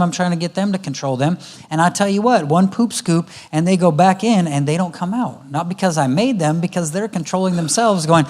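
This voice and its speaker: Middle-aged guy speaking at church, chatty, acts out talks with his kids, voice a bit high. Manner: conversational, acts out family dialogue. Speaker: guest speaker. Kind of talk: conference talk on parenting. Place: church auditorium.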